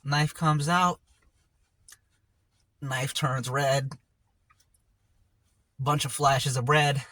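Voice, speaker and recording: A man's voice: medium pitch, steady tone, extremely slow, bright, forceful tone, no echo. A man telling a story casually while eating on camera, in a rambling, laid-back way full of slang, often trailing off mid-thought. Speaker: mukbang vlogger.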